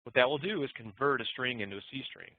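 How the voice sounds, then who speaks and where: A man teaching programming in a recorded lecture, relaxed and thinking aloud as he walks through code. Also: mid-range voice, fast talker. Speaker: programming instructor. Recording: muffled phone-like dry audio.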